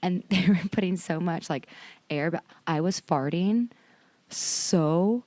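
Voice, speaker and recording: Woman in her 30s, podcast co-host, low-ish voice, dry close sound, animated storytelling. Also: slow pace, no room sound. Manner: animated storytelling, acts out quotes. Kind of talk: casual chat.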